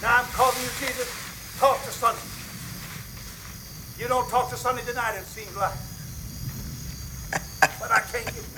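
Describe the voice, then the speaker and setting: An actor playing a middle-aged preacher who pleads and shouts in prayer, in a film clip. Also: male voice, very high-pitched, fairly even intonation, normal speed, long pauses, background noise. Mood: pleading. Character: anguished preacher man shouting at God. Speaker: film character.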